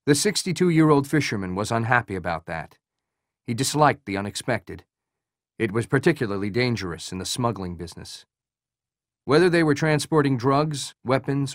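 A man reading a thriller audiobook as its narrator, in an even, measured way. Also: medium pitch, dry recording, clean studio sound.

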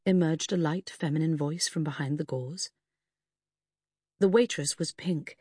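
A woman narrating a story in a measured way, voicing each character. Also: sits low, dark tone, husky, no room sound, clean studio sound. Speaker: audiobook narrator. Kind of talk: scripted narration.

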